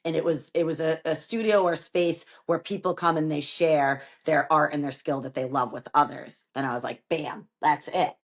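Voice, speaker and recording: A woman who runs a yoga studio chats in a relaxed way with a low, deep voice at a normal speed and hardly any pauses. She tells stories animatedly, slipping into the voices of the people she quotes.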